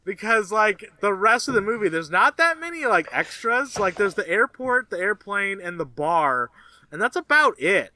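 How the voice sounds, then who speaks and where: A man co-hosting a podcast in casual chat, excitable and laughing often, swearing freely. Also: high-pitched, moderate pace, a little hiss or hum. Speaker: podcast co-host.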